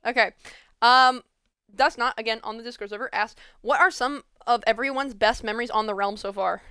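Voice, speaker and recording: Chatty teenage girl hosting, smooth voice. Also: fairly high pitch, fairly quick, pushed and bright, dry recording. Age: teens. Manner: rambling, filler-heavy, laughs often. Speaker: host. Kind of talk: casual chat.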